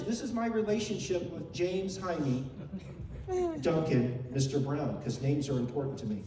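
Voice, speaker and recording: A man's voice: sits high, expressive, moderate pace, a little mellow, a little hiss or hum. Older man giving a heartfelt memorial tribute. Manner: heartfelt storytelling, emotional, repeats phrases. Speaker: speaker at a memorial. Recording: very echoey hall, voice from far off.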